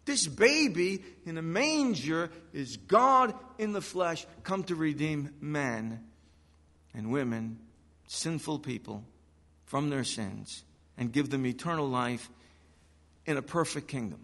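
A man's voice: on the high side, lively intonation, slow, fairly bright tone. A man preaching a sermon, acting out the biblical quotes he reads. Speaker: pastor. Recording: long hall reverb.

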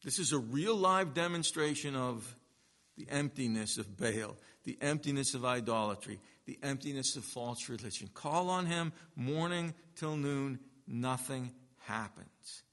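A man preaching a sermon, swinging between loud, ringing emphasis and hushed, drawn-out phrases. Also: mid-range voice, big-room sound. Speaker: pastor.

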